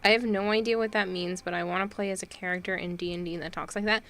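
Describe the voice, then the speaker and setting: A woman's voice: lowish voice, steady tone, quick pace, a bit bright. A woman streaming a game, chatting casually and reading viewer messages aloud with fillers and asides. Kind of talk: casual livestream chat.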